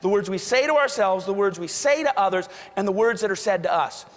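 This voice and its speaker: In a large hall, a keynote speaker gives a motivational speech, telling stories and acting out the voices of the people in them. His voice is high, expressive, and fairly quick.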